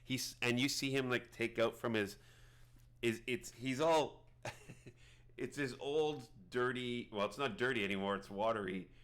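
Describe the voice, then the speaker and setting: A man narrating a tabletop game as game master, rambling with many halting restarts. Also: mid-range voice, fairly bright tone.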